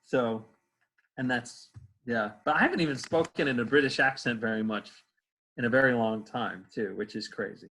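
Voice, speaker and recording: Male stage actor, easygoing and rambling, mid-pitched voice, heard over a video call. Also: normal speed, sharp tone, slight background noise, rough recording. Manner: rambling, many fillers and restarts. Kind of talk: casual interview answers.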